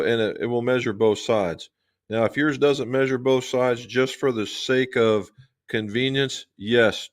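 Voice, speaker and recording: A man hosts a relaxed golf talk stream and chats with viewers. His voice sits at an ordinary middle pitch, and his delivery is folksy and unhurried. He drifts into long shop stories, with the loose rhythm of someone used to talking while he works. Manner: folksy storyteller, talks with his hands, relaxed and chatty. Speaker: golf club fitter and livestream host. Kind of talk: casual livestream chat answering viewers.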